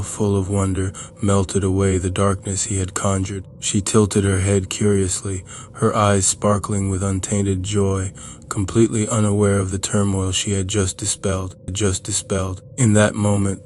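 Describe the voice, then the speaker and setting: A deep male voice reads horror prose in an unbroken, dead-level monotone. His delivery is measured and steady, with a faint hiss in the background. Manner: slow, even, measured reading. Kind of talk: scripted horror narration.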